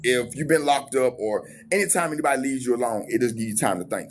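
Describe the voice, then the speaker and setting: A man telling a personal story in a casual, animated way, acting out the quoted lines. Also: medium pitch, a little fast, hardly any pauses, a little hiss or hum. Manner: animated, acts out every quote in his story.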